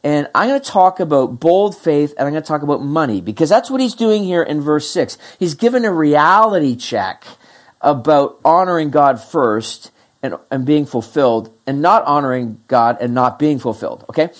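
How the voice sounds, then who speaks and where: Animated conversational pastor preaching a sermon. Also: mid-range voice, moderate pace. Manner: conversational, animated, acts out listeners' inner voices.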